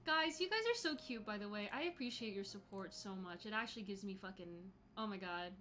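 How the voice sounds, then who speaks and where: A woman's voice: mid-range voice, animated, fairly quick, bright, forceful tone. A young woman in her twenties hosting a casual livestream from home, chatty and swearing freely as she greets chatters by name. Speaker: podcast host live-streaming to chat.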